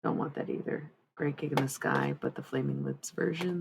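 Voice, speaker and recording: A woman's voice: deep voice, steady tone, normal speed, gravelly, hardly any pauses, a little hiss or hum. A woman streaming live, chatting in a rambling way and giving a tarot reading, swearing freely. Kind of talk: casual livestream chat and tarot reading.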